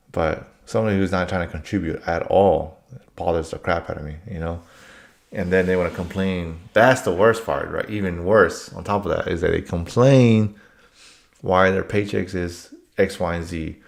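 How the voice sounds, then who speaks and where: A man's voice: low voice, fairly even intonation, moderate pace, creaky. A man telling work stories in a casual monologue, blunt and rambling, swearing freely.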